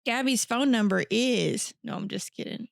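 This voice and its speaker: A woman's voice: on the high side, moderate pace, vocal fry, no echo, studio quality. A woman co-hosting a podcast, chatting in a giggly, rambling, self-deprecating way. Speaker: podcast co-host. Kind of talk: casual chat.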